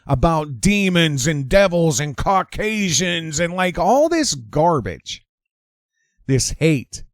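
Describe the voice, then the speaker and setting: Emphatic man with a lively voice. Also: a little high, dry recording, studio quality. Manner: emphatic, repeats lines for effect. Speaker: commentary channel host. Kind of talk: opinionated commentary monologue.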